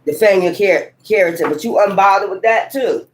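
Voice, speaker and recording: The recording is rough with a bit of background noise, and the woman speaks in a mid-range voice at normal speed. Doing a casual tarot reading to camera, she's blunt and heated, rambling with emphasis, cursing often, and exclaiming suddenly.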